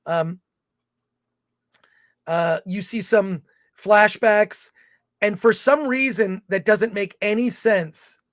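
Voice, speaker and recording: A man's voice: high voice, no echo, studio quality. A man co-hosting a casual film review chat, opinionated and blunt, rambling through his thoughts.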